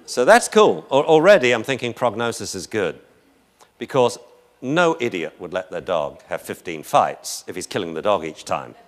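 A man's voice: lowish voice, big pitch swings, normal speed. A man giving a live lecture on dog behavior in a chatty, joking, anecdotal way.

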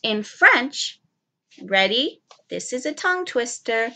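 A young woman teaching young children, speaking clearly and prompting them to repeat words after her. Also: a little high, big pitch swings, bright, forceful tone. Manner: enunciates slowly, prompting kids to repeat.

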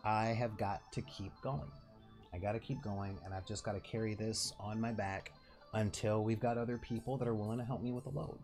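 A man's voice: lowish voice, steady tone, a little fast, a little mellow, soft background music. A man with a nasal voice hosting his own channel, talking casually and rambling with laughs and restarts. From Southern California. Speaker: channel host. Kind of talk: casual direct-to-camera talk.

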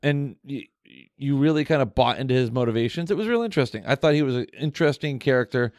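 Male podcast cohost, average pitch, dry close mic, earnest and reasoned. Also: lively intonation, fast talker, a little mellow, no echo. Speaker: podcast co-host. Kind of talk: casual pop culture chat.

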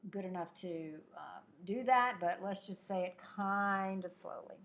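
Woman, lay prayer leader: slow, unhurried reading, soft fillers, modest singing voice, distant room mic. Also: medium pitch. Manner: slow, gentle, with many fillers. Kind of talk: leading a live-streamed prayer service.

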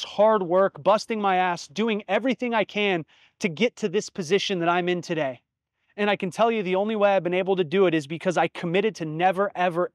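Earnest high-voiced man telling stories. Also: dry recording, studio quality. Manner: earnest, heartfelt storytelling with casual swearing. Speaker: podcast host. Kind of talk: reflective solo podcast monologue.

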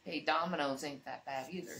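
A woman's voice: low-pitched, brisk, gravelly, a bit bright. A woman co-hosting a casual livestream in a sleepy, laid-back way. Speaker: livestream co-host. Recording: echoey room.

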